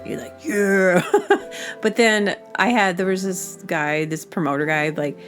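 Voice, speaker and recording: A woman's voice: on the low side, steady tone, a little slow, fairly bright tone, faint music behind. A woman hosting her own show, telling a story in a loose, chatty way full of fillers and self-corrections. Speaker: podcast host. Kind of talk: casual storytelling monologue.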